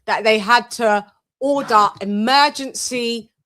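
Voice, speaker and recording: A woman with a bright, forceful voice, pitched a little high, hosts a loose chat. She tells stories with lots of energy, swearing freely and jumping between topics. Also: takes it slowly. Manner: lively storytelling, animated, swears freely. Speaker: host. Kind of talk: casual chat.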